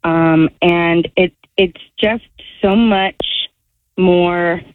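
Woman caller, slow and kinda rambling, phone line sound. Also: fairly low pitch, fairly even intonation, dry recording. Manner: hesitant, rambling. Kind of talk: call-in radio talk.

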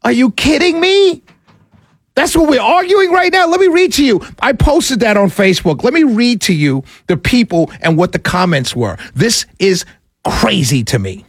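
High-voiced exasperated male ranter. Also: sing-song, normal speed, no room sound, clean studio sound. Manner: exasperated, incredulous, stammers and laughs. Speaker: political commentator. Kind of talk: ranting commentary to an audience.

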